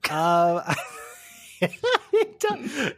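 A man's voice: very high voice, huge pitch swings, extremely slow. A man narrating a tabletop role-playing game as game master, playful and laughing often.

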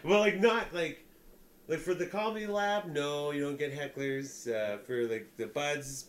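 Brief: relaxed comedian, slangy, easygoing reactions. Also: male voice, a little high, a little hiss or hum. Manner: relaxed, drawn-out "holy, man" reactions, slangy. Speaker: comedian, co-host. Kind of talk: casual chat.

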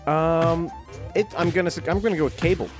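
A man's voice: fairly even intonation, brisk, music in the background, natural voice. A man putting on a brash, crude bad-mom film star in a comedy skit. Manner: brash, crude, high-spirited. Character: boastful bad mom, a film actress, adult woman.

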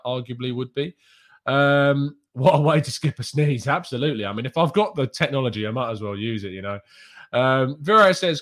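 A man's voice: mid-range voice, a bit bright. A man hosting a live fan stream from a small home room, reading chat questions aloud and answering in a candid, chatty way with frequent ums and asides.

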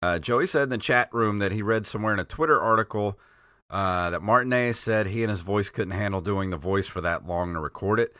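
A lower-pitched man with a bright, forceful tone chats casually as a podcast co-host. He hesitates, restarts and laughs easily, and the sound is dry and close. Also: a little fast, no room sound. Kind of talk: casual chat.

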